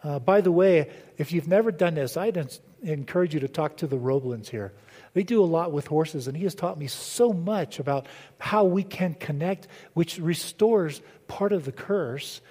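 A man's voice: a little high, normal speed, dark tone, long reverb tail. A male pastor preaching a sermon in a conversational way, asking the congregation questions as he goes.

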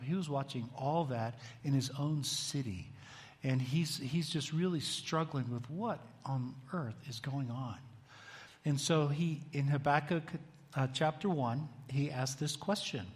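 A man's voice: fairly high pitch, normal speed. A man giving a conversational bible teaching, often asking the room questions and raising his voice when he reads scripture aloud. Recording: long hall reverb.

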